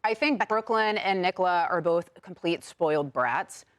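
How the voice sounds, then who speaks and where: A woman's voice: on the low side, normal speed. A woman speaking bluntly and scornfully as a commentator on a TV panel show. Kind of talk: opinionated TV panel talk.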